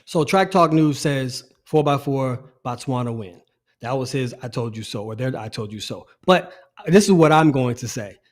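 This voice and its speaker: A middle-aged man co-hosting a casual sports podcast, animated and repeating his phrases as he talks. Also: mid-range voice, normal speed. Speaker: podcast co-host.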